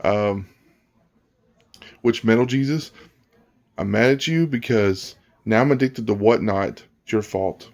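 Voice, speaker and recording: A man's voice: on the low side, a little slow, pauses often, darkish tone. A man vlogging about games in a blunt, rambling casual rant, often restarting his sentences. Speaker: gaming vlogger.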